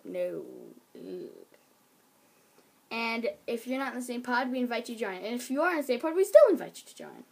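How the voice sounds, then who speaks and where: A woman's voice: on the high side, fairly bright tone. A teenage girl vlogging in a casual chat, talking in a giggly way and jumping from topic to topic. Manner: chatty, giggly, jumps between topics.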